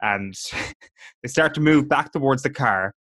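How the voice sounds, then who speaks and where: Bright-voiced chatty male podcast host. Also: mid-range voice, measured pace, no echo. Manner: chatty, recounts scenes, quotes characters. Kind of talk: casual podcast recap.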